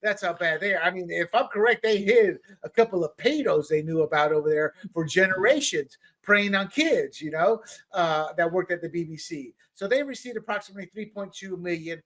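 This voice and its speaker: A middle-aged man co-hosting a political talk show, animated and often repeating words as he builds a point. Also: sits high, fairly quick. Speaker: podcast co-host. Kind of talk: political commentary chat.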